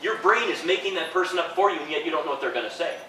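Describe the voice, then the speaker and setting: Brief: cheerful male professor, slightly high voice, lecturing from a distance in a big echoey hall. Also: rapid-fire. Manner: enthusiastic and upbeat, laughs often. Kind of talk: lively, informal lecture to students. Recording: echoey hall, distant mic, background noise.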